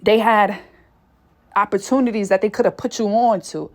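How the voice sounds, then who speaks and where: A woman's voice: medium pitch, fairly even intonation, normal speed, a little mellow. A woman giving a fervent spiritual reading, out of breath, swearing casually and exclaiming often. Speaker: spiritual reader.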